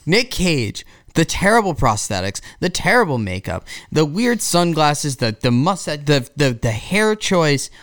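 Man, podcast co-host, casual chat, exasperated, keeps steering back, animated pitch. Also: a little slow, few pauses, no echo, clean studio sound.

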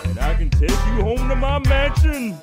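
A jaunty Southern governor. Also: male voice, very high voice, sing-song, normal speed. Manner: jaunty, crooning. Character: swaggering southern male governor character. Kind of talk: song vocals in a game theme. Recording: loud funky organ music behind.

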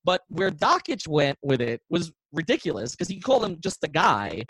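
A man co-hosting a sports podcast, telling rambling, animated stories with lots of restarts and asides. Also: a little high, normal speed, slightly rough, low-quality recording. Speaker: podcast co-host. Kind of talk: casual sports chat.

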